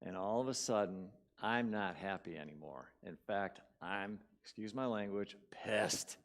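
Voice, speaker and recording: A man with a fairly low, gravelly voice gives an unhurried sermon as a guest speaker in a church sanctuary. Telling stories conversationally, he alternates loud outbursts with hushed moments and repeats words to stress them.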